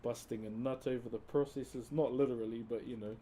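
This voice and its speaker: A man's voice: mid-range voice, steady tone, fairly quick, mellow, slight background noise. A laid-back man from New Zealand with a New Zealand accent, chatting casually with his live-stream viewers while he carves wood and calling them bro.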